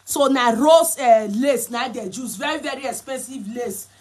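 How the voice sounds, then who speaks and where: A woman's voice: high-pitched, moderate pace, a little mellow. A woman with a Nigerian accent chatting casually as a vlogger while explaining and showing clothes. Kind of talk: casual chat.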